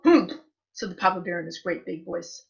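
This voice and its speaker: A woman reading a story aloud at a reading event, in an expressive, sing-song delivery. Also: fairly low pitch, a little fast, gravelly. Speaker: reader. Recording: muffled live-stream audio.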